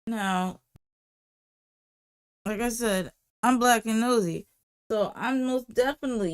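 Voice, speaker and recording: A woman's voice: on the high side, measured pace, long pauses, smooth. A woman hosting a livestream, telling a casual, rambling story and repeating phrases for emphasis. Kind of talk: casual storytime while drawing.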